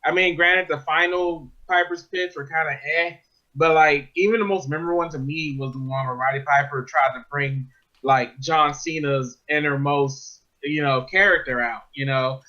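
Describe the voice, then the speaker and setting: Male co-host, bright tense tone, muffled lo-fi sound, earnest and rambling. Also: a little high, fairly even intonation, normal speed. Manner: earnest, rambling, many fillers. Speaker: podcast co-host. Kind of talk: casual chat.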